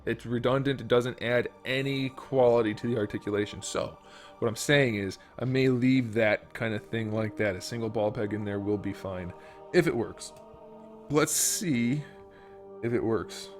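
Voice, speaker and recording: A man hosting a casual modeling tutorial, rambling and thinking aloud while he works. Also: lowish voice. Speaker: YouTube host and 3D modeler.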